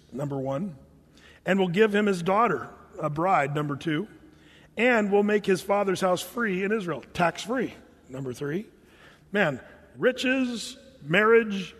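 A man preaching a sermon, animated and conversational, often repeating words and acting out the quotes he tells. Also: sits high, long reverb tail. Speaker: pastor.

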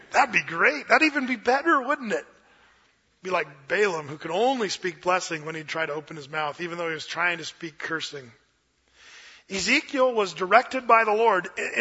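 A high, very bright male voice, a pastor delivering a sermon in an animated storytelling way, jumping into little character voices. The recording is dull and lo-fi, like an older church tape.

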